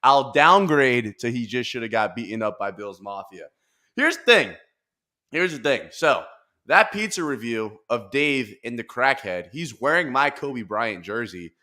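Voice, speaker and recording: A man hosting a casual podcast, talking in animated, profane rants with bursts of laughter. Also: medium pitch, moderate pace. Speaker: podcast host.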